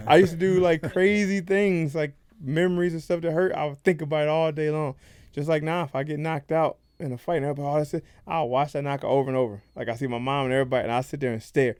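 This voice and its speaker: A man's voice: fairly high pitch, fairly even intonation, a little mellow, clean tone, no room sound. A man, a professional fighter, speaking as a podcast guest and telling his own stories candidly and conversationally into a close mic. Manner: candid, rapid, conversational storytelling. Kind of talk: casual podcast storytelling.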